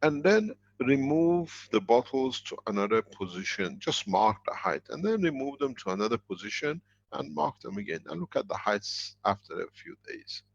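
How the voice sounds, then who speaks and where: Low gravelly husky guy rambling through a live q&a, dull lo-fi call audio. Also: big pitch swings, normal speed, few pauses. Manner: rambling, emphatic explanations. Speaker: workshop teacher answering questions. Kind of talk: live online teaching Q&A.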